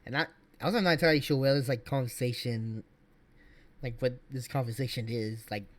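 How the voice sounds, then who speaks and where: Man, streamer, casual reaction commentary, mid-pitched, rambling, restarts. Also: steady tone, a little fast. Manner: rambling, many fillers and restarts.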